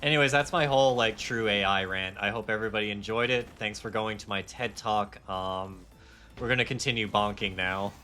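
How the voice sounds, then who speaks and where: Bright-voiced young man ranting while gaming. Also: on the low side, steady tone, brisk. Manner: heated, rambling rant with swearing and self-mocking laughs. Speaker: streamer. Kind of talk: casual live gaming stream chat. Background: faint game music.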